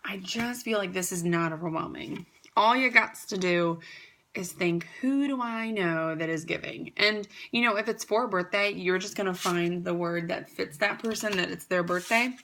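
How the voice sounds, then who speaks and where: Bright, chatty young woman. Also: fairly low pitch, moderate pace. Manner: chatty and upbeat, rambling with fillers and restarts. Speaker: card company founder. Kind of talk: casual product pitch to camera.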